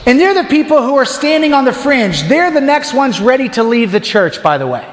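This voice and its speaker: Male deacon, animated storyteller, high pitch, reverberant church hall. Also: brisk. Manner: animated, acts out crowd voices. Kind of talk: storytelling sermon.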